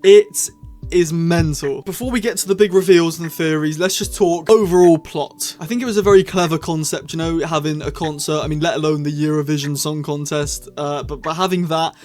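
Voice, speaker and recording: A man in a casual solo review, his voice sitting a little on the high side. He rambles, backtracks and apologises in passing as he goes. Faint music plays behind him. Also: steady tone, a little fast, darkish tone. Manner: rambling, self-correcting, apologetic asides. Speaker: YouTube reviewer.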